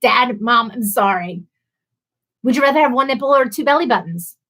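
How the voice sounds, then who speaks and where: A woman's voice: on the high side, expressive, normal speed, fairly bright tone. A woman hosting a casual live stream, laughing a lot and a little tipsy from wine as she reads out viewer comments. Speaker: livestream host.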